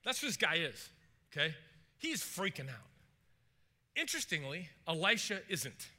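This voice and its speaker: Animated high-voiced man preaching. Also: normal speed. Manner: animated storytelling, acts out characters' panic, asks the congregation questions. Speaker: pastor. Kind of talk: sermon.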